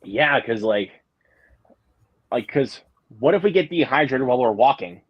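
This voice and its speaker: A young man chats on a live stream, wandering through his stories with plenty of "like" and "um" and restarting his sentences. The sound is dry and close, with a slightly muffled, lo-fi mic. His voice sits at an ordinary pitch for a man. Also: expressive, normal speed, breathy edge, no room sound. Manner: rambling, many fillers and restarts. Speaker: host. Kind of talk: casual live-stream chat.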